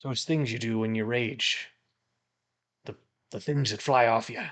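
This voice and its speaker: A man voicing a blunt, gruff male adventurer companion who stammers and trips over his words. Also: medium pitch, measured pace, a bit bright, natural voice. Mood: agitated. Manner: stammering, agitated speech.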